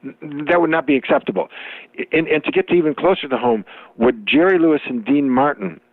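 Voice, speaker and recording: A man's voice: fairly high pitch, brisk, dry recording. An older man with a Chicago accent, a comic and professor talking through jokes in a rambling interview manner. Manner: rambling, restarts often, storytelling jokes. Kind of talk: interview conversation. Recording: tinny phone-like line.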